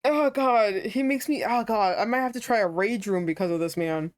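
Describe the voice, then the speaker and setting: A woman streamer commenting casually on a game, talking fast and swearing in exasperated rants. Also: mid-range voice.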